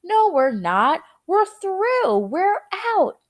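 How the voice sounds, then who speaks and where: A woman voicing a cheerful, eccentric male candy-maker in a storybook read-aloud, brisk, playful and confident. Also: a little high, very animated. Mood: triumphant.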